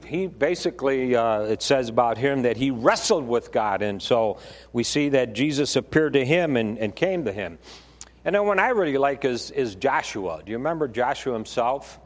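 A man preaching a Bible teaching sermon in a conversational way, often restarting his phrases. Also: medium pitch. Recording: long reverb of a hall.

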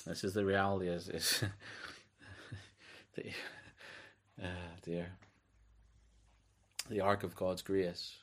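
A man teaching through a book of the Bible in a loose, conversational way. He reads scripture aloud with a slightly low voice and carries on with easy restarts. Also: flat delivery, very slow, long pauses, fairly bright tone. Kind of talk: conversational sermon.

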